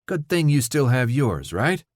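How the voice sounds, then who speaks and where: A man voicing a hard, scornful female guard in an audiobook, raising his pitch for her. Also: sing-song, measured pace, no room sound, studio quality. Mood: taunting.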